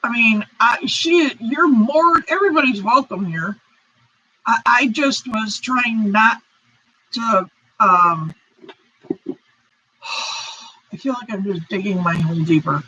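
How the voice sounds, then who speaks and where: Her voice sits on the high side, husky with a sharp tone, and she takes things slowly with frequent pauses. This American woman hosts a casual crochet live stream, rambling apologetically and reading chat comments, with dull lo-fi audio.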